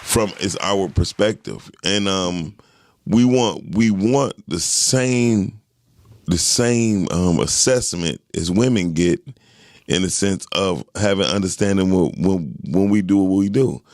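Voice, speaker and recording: A man hosting a podcast chat, talking forcefully and emphatically, often repeating himself. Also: sits low, takes it slowly, dry recording, studio quality. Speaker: podcast host. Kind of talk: casual group chat.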